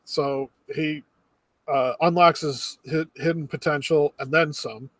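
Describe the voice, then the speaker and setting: A young man co-hosting a casual movie review chat, recapping the plot in a relaxed way with many fillers. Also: fairly high pitch, unhurried, dry recording. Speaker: podcast co-host.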